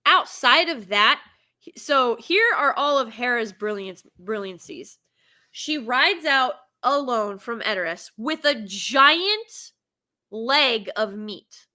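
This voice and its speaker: A woman's voice: a little high, lively intonation, slow, sharp tone. A woman giving a casual film reaction review, sarcastic and exasperated as she rants.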